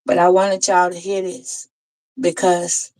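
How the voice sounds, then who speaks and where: A woman tarot reader telling an emotional personal story in a heartfelt, conversational way, pausing and restarting as she goes. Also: lowish voice, monotone, a little mellow, poor audio.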